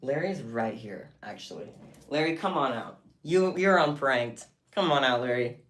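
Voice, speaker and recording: Giggly streamer with a lively voice. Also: medium pitch, moderate pace. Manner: playful, giggly, self-mocking banter. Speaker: livestreamer making beaded bracelets. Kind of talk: casual live-stream chat with viewers.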